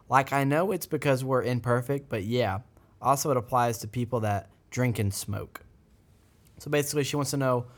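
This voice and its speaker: Fervent man teaching scripture on a podcast. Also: medium pitch. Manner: earnest and fervent, with bursts of praise; reads scripture aloud, then explains it. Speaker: podcast host.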